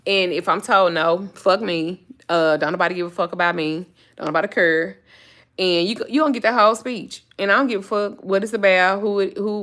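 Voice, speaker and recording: A middle-aged woman hosting her channel, telling a personal story in a blunt, profane, casual way. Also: a bit bright. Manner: profane and blunt, jumps up high when acting out her own panic.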